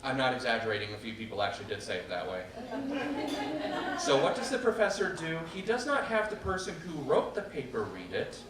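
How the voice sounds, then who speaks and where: A man telling a true personal story to a live audience, wry and animated, acting out the voices of others. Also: mid-range voice, brisk. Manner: animated and wry, acts out quotes. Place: stage at a public storytelling night. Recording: echoey room, distant mic, background noise.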